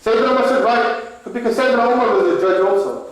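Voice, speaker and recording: A man with a British accent telling a story in a sermon, animated and acting out the voices of the people in it. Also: extremely high pitch, quick pace. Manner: animated, acts out voices in his stories. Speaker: preacher. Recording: echoey hall, from far off.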